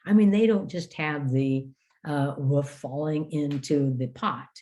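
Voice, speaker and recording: A woman's voice: low voice, measured pace. An older woman from the United States giving a workshop lecture to teachers, telling classroom stories with frequent fillers. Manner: lively storytelling with frequent "uh" fillers. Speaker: education presenter.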